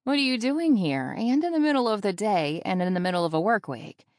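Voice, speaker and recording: Perky grown-up little sister, read by a woman, a bit higher and louder than the narration, dry sound. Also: expressive, a little fast, no room sound, close to an everyday voice. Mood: upbeat. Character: brisk, teasing younger sister, adult woman.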